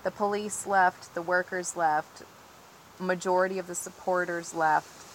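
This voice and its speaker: A woman's voice: fairly low pitch, fairly even intonation, a little slow, a little hiss or hum, low-quality recording. A woman recounting events as an interviewee outdoors, earnest and agitated, with many fillers. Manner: earnest, agitated, frequent "like" and "you know". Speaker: interviewee, tree-sit protester. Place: outdoors on her property near trees.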